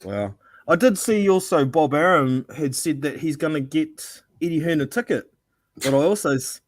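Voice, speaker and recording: A man's voice: medium pitch, dry recording. A man co-hosting a casual boxing chat, agreeable and reading out news items.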